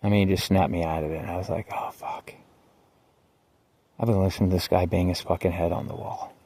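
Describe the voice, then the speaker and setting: A man with a fairly low voice tells a personal story in a loose, rambling way, swearing freely and padding his lines with filler words. His tone is wry, dropping to muttered asides and rising into heated bursts. The sound is dry and close, with no room around it. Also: fairly even intonation, very fast, no room sound. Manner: rambling and profane, full of "like" and "you know"; wry, swings between quiet asides and heated outbursts. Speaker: storyteller recounting his own jail time. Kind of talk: casual spoken personal story.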